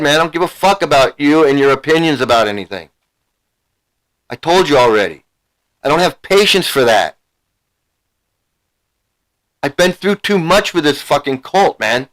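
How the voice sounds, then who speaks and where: A man's voice: on the high side, a bit bright, low-quality recording. A man ranting as a YouTube commentator, heated and profane, repeating himself as he confronts viewers. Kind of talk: angry rant to a live chat.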